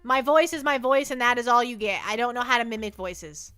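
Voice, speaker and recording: A woman's voice: on the high side, brisk, fairly bright tone, clean tone, faint music behind. A woman livestreaming from her desk at home, chatting playfully and rambling as she reads chat messages aloud.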